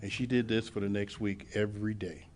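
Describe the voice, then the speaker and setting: Low-voiced man telling his story. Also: fairly even intonation, a little fast, a little hiss or hum. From Los Angeles. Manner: storytelling, acts out dialogue, swings from hushed to loud. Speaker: recovery meeting speaker. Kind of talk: personal testimony at a meeting.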